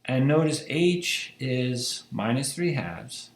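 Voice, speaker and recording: A man's voice: mid-range voice, lively intonation, slow. A man teaching a math lecture, emphatic and rhetorical, checking in with "right?" after most points. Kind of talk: recorded lecture. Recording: echoey room.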